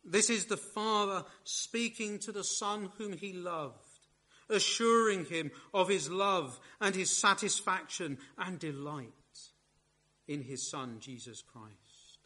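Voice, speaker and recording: A male preacher delivers a sermon at an unhurried pace, his voice sitting high and sounding bright and forceful. He is measured and emphatic, pressing hard on the words that matter.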